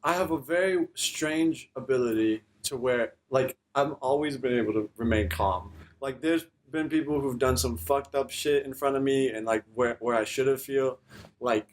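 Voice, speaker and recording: A man's voice: mid-range voice, normal speed, slight background noise. A young man co-hosting a podcast in casual chat, laid-back and reflective, with lots of fillers. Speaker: podcast co-host.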